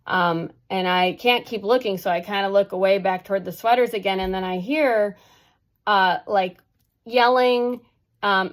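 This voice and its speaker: A woman recounting a personal experience in an unscripted, spoken way. Her delivery is halting and full of fillers and restarts as she works through what happened. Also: mid-range voice. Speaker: storyteller. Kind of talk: personal storytelling.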